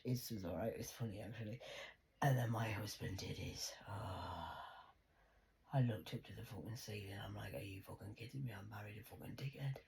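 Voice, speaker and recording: A woman's voice: very deep voice, warm tone. A woman, talking in a rambling, sweary, casual monologue. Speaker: host.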